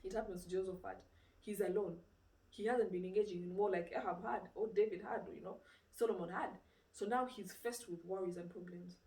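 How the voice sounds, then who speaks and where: A woman's voice: medium pitch, fairly quick, far from the mic. A woman giving an informal sermon, retelling a story with rhetorical questions and conversational fillers. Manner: lively retelling with rhetorical questions and frequent "you know". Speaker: preacher. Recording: roomy sound, speaker away from mic.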